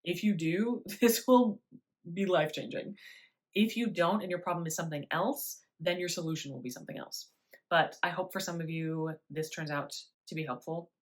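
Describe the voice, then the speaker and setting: A young adult woman voice teacher explaining breathing in a relaxed, chatty way with little laughs. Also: fairly low pitch, moderate pace. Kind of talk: spoken singing lesson.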